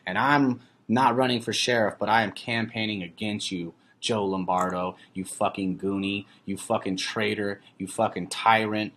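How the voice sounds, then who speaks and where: A man from the US delivering an angry, profane rant, cursing and shouting his accusations. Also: lowish voice, fairly even intonation, moderate pace, few pauses, slight background noise. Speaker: activist speaking out.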